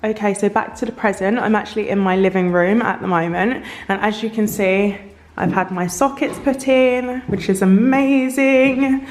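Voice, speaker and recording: A woman vlogging casually about her house renovation, talking frankly and in a rambling way, a little croaky from tiredness, filmed on a handheld phone camera. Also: medium pitch, moderate pace, hardly any pauses. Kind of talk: casual vlog chat. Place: empty house under renovation. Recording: echoey empty room, faint noise.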